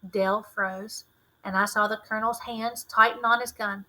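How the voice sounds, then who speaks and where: A woman teacher reading a novel aloud in a clear, measured, expressive way. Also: fairly high pitch, low-quality recording.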